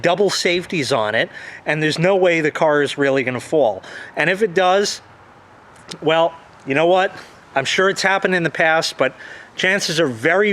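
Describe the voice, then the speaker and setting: A man's voice: on the high side, a bit bright. A man ranting casually to his audience, swearing freely and replaying conversations in quoted dialogue. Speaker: vlogger. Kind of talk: casual profane rant.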